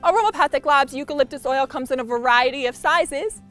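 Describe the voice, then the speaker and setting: A woman's voice: high-pitched, a little fast, fairly bright tone, soft background music. A woman working as an essential oil specialist, giving an upbeat, informative product review with a playful touch.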